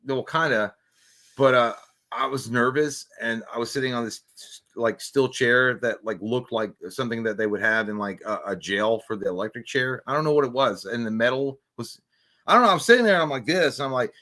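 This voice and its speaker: A man's voice: medium pitch, fairly quick, pushed and bright. A man co-hosting a casual movie livestream, telling rambling crude stories with frequent stammers and restarts. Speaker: podcast co-host. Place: indoor studio.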